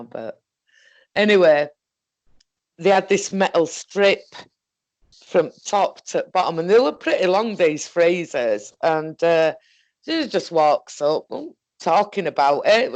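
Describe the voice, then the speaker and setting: A woman with a Northern English accent telling a story in a casual, halting, rambling way, swearing often. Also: on the low side, very animated, darkish tone, dry recording. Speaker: guest recounting an experience.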